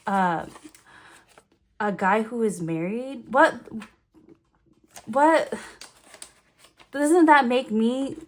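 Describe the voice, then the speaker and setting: A young adult woman from the Philippines, a vlogger telling a personal story in a casual, animated way full of fillers and quoted lines. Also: fairly high pitch, extremely slow, long pauses. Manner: animated, filler-heavy retelling with quoted dialogue.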